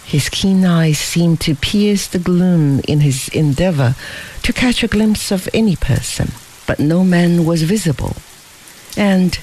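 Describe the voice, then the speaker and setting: Storybook narrator; slow, unhurried, expressive intonation. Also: medium pitch, a little hiss or hum. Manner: measured, unhurried reading. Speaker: audiobook narrator. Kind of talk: scripted narration.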